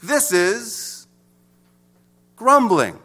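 A male pastor with a high, bright voice delivers a sermon. His pitch swings widely, and he moves from emphatic lines to hushed ones. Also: big pitch swings, extremely slow.

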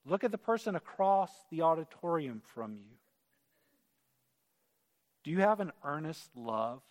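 A man's voice: on the high side, big pitch swings, measured pace. A man preaching a sermon in an auditorium, earnest and conversational. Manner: earnest, conversational, with acted quotes. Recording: reverberant hall.

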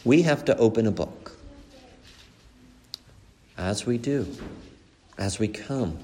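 Man, pastor, sermon, lively swinging pitch, emphatic then hushed. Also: a little hiss or hum. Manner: earnest preaching, rising to emphatic peaks and dropping low and slow.

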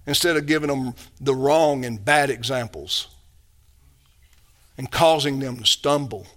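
A man preaching a sermon as a pastor, emphatic, swinging between hushed and raised delivery. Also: medium pitch, measured pace, pauses often.

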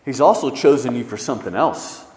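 A man preaching a sermon as pastor, swinging between loud emphasis and hushed, low stresses. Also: fairly quick, a little hiss or hum. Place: church sanctuary. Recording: echoey church hall.

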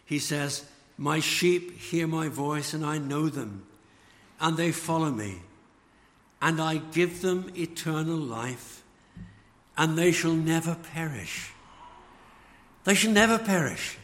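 A man preaching a sermon, slow and emphatic, letting phrase ends fall away. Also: fairly high pitch. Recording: long church reverb.

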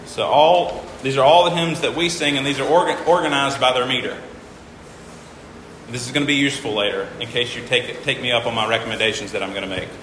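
A man's voice: medium pitch, fast talker, fairly bright tone, roomy sound, big-room sound, a little hiss or hum, poor audio. A man teaching a class, patiently walking through examples and counting syllables aloud. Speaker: teacher explaining hymn meters. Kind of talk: informal classroom lecture.

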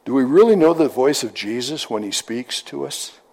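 A man's voice: medium pitch, lively intonation, moderate pace, a little mellow. A middle-aged man preaching a sermon in a folksy, conversational storytelling manner, often repeating his phrases.

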